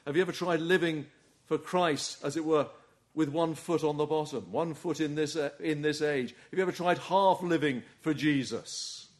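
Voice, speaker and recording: A man's voice: fairly high pitch, steady tone, normal speed. A man preaching a sermon, earnest and urging, often putting rhetorical questions to his listeners.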